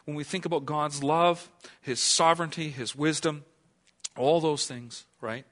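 A man's voice: fairly high pitch, steady tone, measured pace. Earnest male preacher asking questions. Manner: earnest, asks the listeners questions, then drops to a hush. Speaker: pastor. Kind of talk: sermon.

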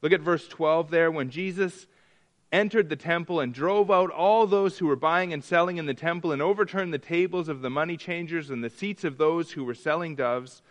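This Bible study teacher, a man whose voice sits a little high and moves at normal speed, reads passages aloud to his class. He keeps it interactive by questioning the group, frequently starting his sentences over.

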